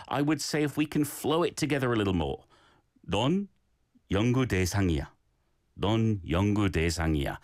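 A man's voice: mid-range voice, dry recording. A man teaches a short Korean sentence, with lots of rise and fall in his voice. He goes through listeners' clips one by one and praises their flow and pronunciation. The sound is close and dry, with no room around it. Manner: encouraging, gives feedback on learners' recordings. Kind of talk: casual language lesson.

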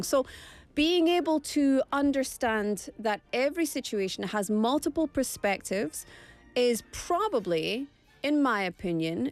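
A woman hosting a casual vlog segment, talking in a playful, thoughtful way and stretching words for emphasis. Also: high-pitched.

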